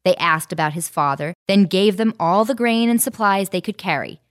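A woman narrating a clear, explanatory summary between Bible story readings. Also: mid-range voice, moderate pace.

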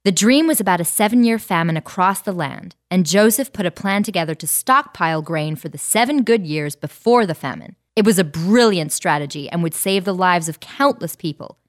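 A woman narrating a clear, explanatory summary between Bible story readings. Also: lowish voice, animated, a little fast, hardly any pauses.

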